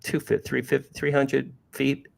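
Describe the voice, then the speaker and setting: Here a man in his sixties from New Jersey, an author guest, animatedly recounts a casual story while repeatedly restarting and doubling words. His mid-range voice is monotone and creaky, delivered at normal speed.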